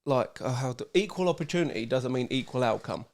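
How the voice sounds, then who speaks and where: Sweary, lively man chatting. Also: medium pitch, brisk. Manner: sweary, laughs often, rambling storytelling. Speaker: podcast co-host. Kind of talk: casual banter.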